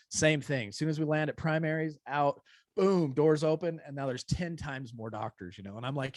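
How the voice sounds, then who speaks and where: A man's voice: fairly high pitch, fairly quick, a little mellow. Blunt middle-aged man telling his story. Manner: blunt and raw, with occasional swearing; vivid, present-tense retelling with many fillers. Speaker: speaker sharing a personal testimony. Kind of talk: candid personal storytelling to an audience.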